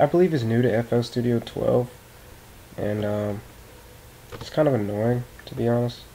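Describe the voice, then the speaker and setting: Man hosting a casual how-to video, relaxed and rambling, with a dark, gravelly tone. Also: medium pitch, a little hiss or hum, poor audio. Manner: casual, rambling, self-correcting. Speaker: tutorial host. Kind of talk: casual software tutorial.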